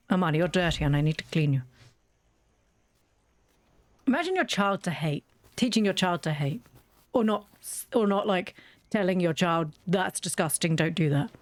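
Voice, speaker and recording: A woman's voice: fairly low pitch, no echo. A woman with a British accent, bluntly ranting and swearing freely while chatting over a game. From Britain. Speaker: YouTuber playing a game. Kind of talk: casual gameplay commentary.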